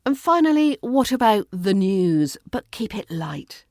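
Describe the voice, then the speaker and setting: A woman with a British RP accent hosting a podcast lesson, speaking lightly and clearly and acting out example phrases. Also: mid-range voice, sing-song, unhurried, hardly any pauses, darkish tone, no echo, studio quality. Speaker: accent coach and podcast host.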